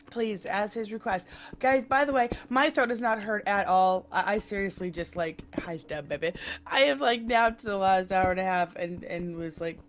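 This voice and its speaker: A woman co-hosting a casual game livestream, a little hoarse from a cold, laughing often and thanking subscribers. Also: medium pitch, measured pace. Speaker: streamer co-host.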